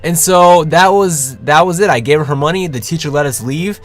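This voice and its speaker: A man's voice: on the high side, normal speed, soft background music. A young man casually telling a story to his viewers, swearing freely and acting out what people said. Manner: animated, swears freely, acts out quotes. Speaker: vlogger.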